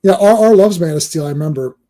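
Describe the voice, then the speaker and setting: A man co-hosting a casual podcast chat, talking in an animated, ranting way and laughing often. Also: on the high side, a little fast. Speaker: podcast co-host.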